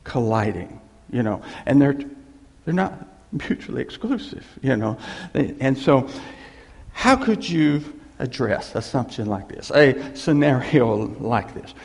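A man preaching a sermon, telling a story in an animated way and repeating key phrases. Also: medium pitch, a little slow, gravelly, long reverb tail.

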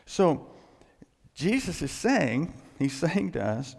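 A male pastor preaching a sermon in an emphatic way, climbing in pitch and loudness to stress his points. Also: sing-song, slow, creaky. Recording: long reverb in a large hall.

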